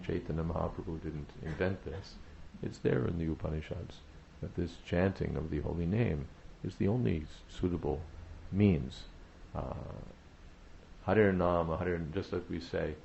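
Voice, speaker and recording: A man with a very low, gravelly voice gives a devotional talk, measured and full of "uh" pauses and repeated phrases for emphasis. The recording sounds a little dull, with faint hiss behind him. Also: warm tone. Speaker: spiritual teacher.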